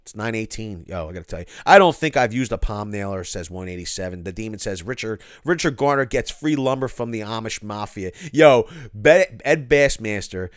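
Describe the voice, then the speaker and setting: A man hosts a live Q&A stream, reading viewer chat aloud in an excitable, chatty way. His mid-pitched voice swings widely up and down, and the sound is close and dry. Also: clean tone, dry recording. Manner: excitable, peppered with "yo", quick asides. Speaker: host of a construction live stream.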